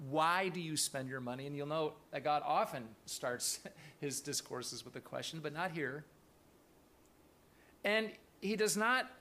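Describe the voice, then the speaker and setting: A man's voice: fairly high pitch, pushed and bright. A man preaching a sermon to his congregation, earnest and thoughtful, often restarting his phrases. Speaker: pastor.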